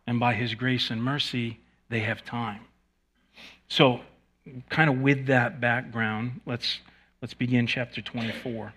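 A male pastor giving a teaching sermon to a congregation, his voice bright and forward. He talks informally, breaking off for small jokes at his own expense and restarting sentences as he thinks aloud. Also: mid-range voice, fairly even intonation, slow pace, breathy edge. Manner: conversational, joking asides, frequent restarts. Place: in front of a live congregation.

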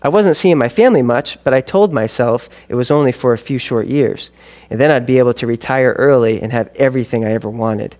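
A man's voice: mid-range voice, brisk, darkish tone. A man telling a first-person story as narrator in an earnest, confessional way.

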